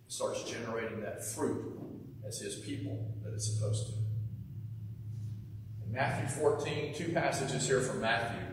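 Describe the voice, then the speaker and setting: A man preaching a sermon in an earnest, conversational way, often sinking to a soft hush at the ends of phrases. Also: medium pitch, a little slow, pauses often, noisy background. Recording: echoey hall, mic from far off.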